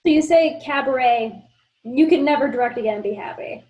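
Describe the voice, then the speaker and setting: A woman's voice: high-pitched, fairly quick, a little mellow, lo-fi sound. A woman interviewing a guest, asking short casual questions.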